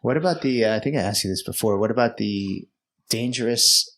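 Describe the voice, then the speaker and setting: A man's voice: lowish voice, a little fast, fairly bright tone. Curious male podcast host. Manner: curious, short questions. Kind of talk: casual interview.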